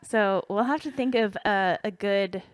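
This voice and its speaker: A woman's voice: mid-range voice, unhurried, clear, resonant tone, dry recording, clean studio sound. A young woman co-hosting a podcast, chatting casually in a giggly, rambling way. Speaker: podcast co-host. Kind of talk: casual chat.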